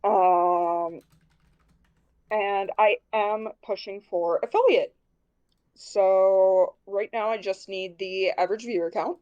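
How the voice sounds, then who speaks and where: A woman's voice: medium pitch, steady tone, slow pace, darkish tone, highs cut off. A woman streamer talking casually, a little tired and hesitant, with many ums. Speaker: streamer guest.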